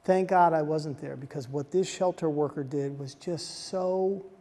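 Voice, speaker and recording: A man giving a motivational talk to soldiers, telling stories in an animated way and dropping to a soft hush at emotional moments. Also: on the high side, unhurried. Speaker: speaker addressing soldiers. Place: large hall on a military base. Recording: long reverb of a large hall.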